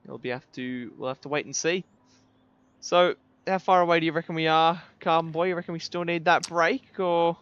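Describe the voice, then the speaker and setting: A man commentating a sim race, calling the action play by play and building to excited shouts at big moments. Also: fairly high pitch, normal speed, clear, resonant tone, dry recording. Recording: slightly dull lo-fi mic with faint noise.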